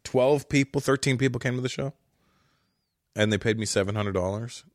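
A man's voice: medium pitch, moderate pace, no room sound, clean studio sound. A male comedian as a podcast guest at his house, telling stories in a casual chat and laughing often.

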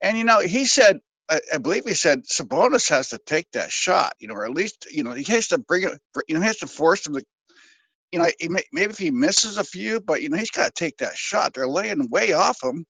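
A man calling in to a sports radio show, talking in a halting, rambling way with many fillers. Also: a little high, sing-song, gravelly, fairly bright tone, slightly rough, no echo, low-quality recording. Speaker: caller. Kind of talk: sports call-in talk.

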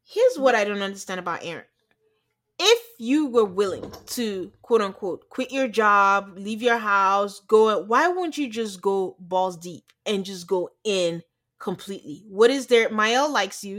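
An American woman co-hosting a casual chat, recapping a reality show in an animated way and acting out quotes. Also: medium pitch, unhurried. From United States. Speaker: podcast co-host.

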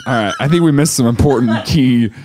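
A man's voice: mid-range voice, fairly quick, heavy background noise. A man co-hosting a comedy podcast, joking and laughing often as he riffs on listener voicemails. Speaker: podcast co-host. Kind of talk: casual comedic chat.

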